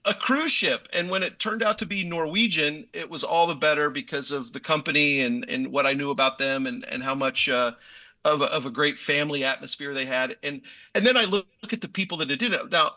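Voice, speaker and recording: A man's voice: on the high side, fairly quick, sharp tone. A middle-aged man, a guest actor chatting casually in a radio interview, easygoing and joking with lots of fillers and restarts.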